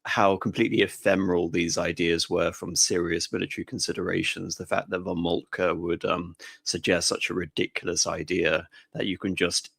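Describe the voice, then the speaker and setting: A man's voice: low-pitched, level tone, normal speed, gravelly, hardly any pauses, fairly bright tone, breathy edge, no echo, clean studio sound. A man chatting casually as co-host, rambling with many fillers and laughing along. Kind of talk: casual chat.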